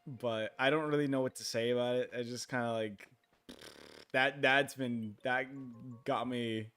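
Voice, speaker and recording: A tired young man streaming a game late at night, talking in a halting, rambling way full of fillers and restarts. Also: mid-range voice, steady tone, fairly bright tone, clean tone, soft background music.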